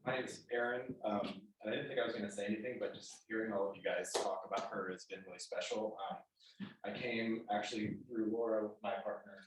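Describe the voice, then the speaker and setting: A man with a somewhat low voice gives a spoken tribute at a memorial, pausing and restarting his sentences often. He is picked up from far off, and the hall rings with heavy echo. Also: steady tone, a little hiss or hum. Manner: halting, many restarts and fillers. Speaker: memorial speaker. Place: spiritual center hall. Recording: echoey hall, mic from far off.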